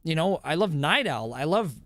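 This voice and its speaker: A man's voice: on the high side, sing-song, moderate pace, fairly bright tone, no echo. A young man hosting a podcast, talking casually in a rambling, profane way and laughing often. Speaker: podcast host and streamer.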